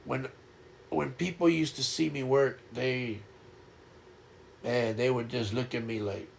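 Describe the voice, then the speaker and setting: An older man hosting a casual livestream chat, talking in a reflective, halting way and often repeating words as he starts over. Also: medium pitch, fairly even intonation, vocal fry, slight background noise. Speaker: livestream host.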